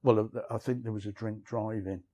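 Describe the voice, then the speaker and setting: The voice is on the low side, dark and steady, delivered briskly by a middle-aged male author. Outdoors on city streets, he frankly rambles through stories from his past, self-deprecating and full of "you know what I mean."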